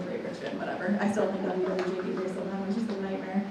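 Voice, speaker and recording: A woman in her twenties giving a personal testimony to a live audience, telling it in a lively way and acting out what people said. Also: medium pitch, fast, noisy background. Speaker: guest speaker. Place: large room with a live audience. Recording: echoey hall, voice from far off.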